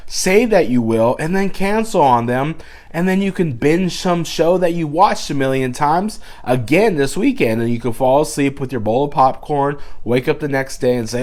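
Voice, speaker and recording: Sarcastic dad vlogger, playful. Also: male voice, on the high side, lively intonation, normal speed. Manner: mock-serious, sarcastic, swings between hushed and loud bursts. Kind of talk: sarcastic advice vlog.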